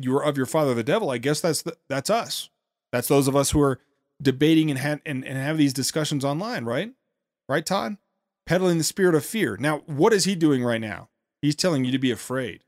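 A man's voice: mid-range voice, dry recording, clean studio sound. A man hosting a podcast, commenting critically and sarcastically on a speech, often stopping and restarting his sentences. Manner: sarcastic, with many halting restarts. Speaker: podcast host.

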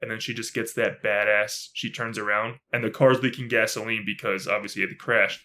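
A man co-hosting a podcast in casual chat, gushing and excitable, with lots of fillers and repeats. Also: fairly low pitch, brisk. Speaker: podcast co-host.

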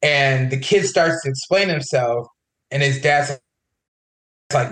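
Animated man telling a story. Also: medium pitch, slow, echoey room, low-quality recording. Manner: animated, quotes others in his retelling. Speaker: podcast co-host. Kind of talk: casual storytelling chat.

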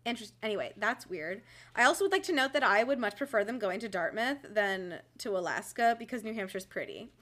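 A young woman co-hosting a casual book chat, giggly, animated and fond of swearing. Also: mid-range voice, brisk. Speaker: podcast co-host.

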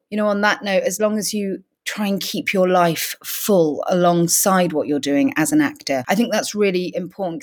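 Actress guest from North Wales, a touch low-pitched, tired, reflective and self-deprecating. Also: female voice. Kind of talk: candid podcast interview.

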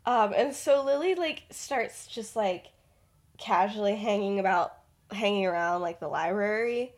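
A woman's voice: mid-range voice, unhurried. A young adult woman hosting a podcast, telling a story in a chatty, rambling way full of fillers. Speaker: podcast host. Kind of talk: casual storytelling.

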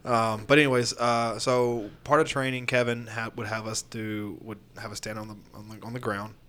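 A man's voice: fairly low pitch, level tone, moderate pace, fairly bright tone. A man, a pro wrestler, talking casually on a podcast in a rambling, candid way with plenty of fillers and restarts.

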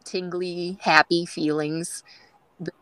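A woman's voice: fairly low pitch, flat delivery, takes it slowly, fairly bright tone, no echo, rough recording. A woman guest on a groomers' podcast, telling stories in a chatty way with many fillers and acting out quoted dialogue. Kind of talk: casual storytelling interview.

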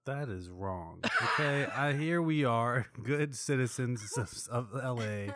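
A man's voice: mid-range voice, a little slow, a bit bright, no room sound. A man from Virginia co-hosting a podcast, bantering in a wisecracking, self-deprecating way. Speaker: podcast co-host. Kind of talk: casual banter.

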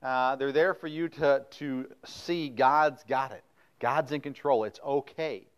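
A middle-aged man leads a sermon in an easygoing, conversational tone. His voice sits at an ordinary medium pitch. He moves from reading scripture in old-fashioned wording to folksy explanation sprinkled with fillers. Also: a little slow, clean tone. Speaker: preacher. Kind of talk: casual sermon with Bible reading.

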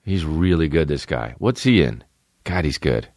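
A man in his thirties hosting a podcast from home, rambling in a casual, profane, animated way with lots of restarts. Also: rumbling low, moderate pace, no echo, studio quality. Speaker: podcast host. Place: at home, dogs nearby. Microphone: podcast microphone.

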